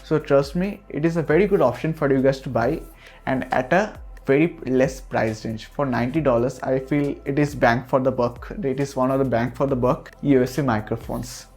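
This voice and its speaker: A man's voice: mid-range voice, moderate pace, a little mellow. Man, tech reviewer, earnest and reassuring, usb desk mic, faint music behind. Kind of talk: product review. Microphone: USB desk microphone.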